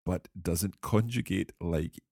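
A man hosting a language-learning podcast, explaining grammar in a clear, measured teaching manner. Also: sits low, darkish tone, no echo, studio quality.

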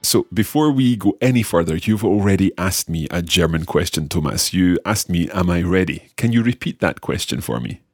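A man hosting a podcast language lesson, carefully and slowly repeating phrases after his co-host. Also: sits low, lively intonation, darkish tone, breathy edge, soft background music. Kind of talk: friendly scripted lesson banter.

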